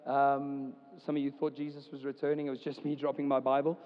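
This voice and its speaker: A man's voice: mid-range voice, completely flat delivery, fairly quick. A man, preaching a casual, chatty sermon as a church pastor, with many fillers. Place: church hall. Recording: dull sound with long hall reverb.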